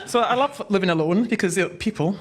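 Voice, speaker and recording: A woman's voice: mid-range voice, fast talker, noisy background. A woman from Britain doing stand-up on stage, with a dry, self-mocking delivery. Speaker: stand-up comedian. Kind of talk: stand-up comedy. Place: comedy stage before a live audience.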